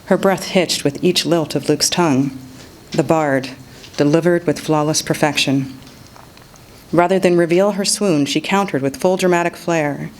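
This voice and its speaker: A woman's voice: low-pitched, normal speed, slight background noise, poor audio. Woman reading her fiction aloud. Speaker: author reading her work. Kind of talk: reading a novel excerpt aloud.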